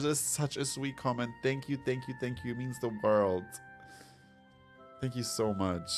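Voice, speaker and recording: A man's voice: fairly low pitch, steady tone, measured pace. A man streaming a game, chatting casually and rambling as he reads chat comments aloud. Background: soft background music.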